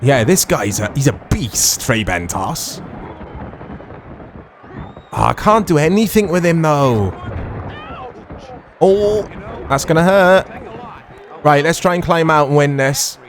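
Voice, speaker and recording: A middle-aged man chatting casually and excitably as he comments on a retro video game he is playing, rambling and laughing often. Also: a little high, slow, pauses often, a little hiss or hum. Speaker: retro gaming YouTuber.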